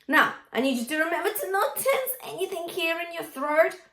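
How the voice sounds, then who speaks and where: A woman's voice: very high-pitched, animated, moderate pace, sharp tone, roomy sound. A woman vocal coach teaching a singing lesson, encouraging her students and checking in with "yeah?" and "okay?" as she explains.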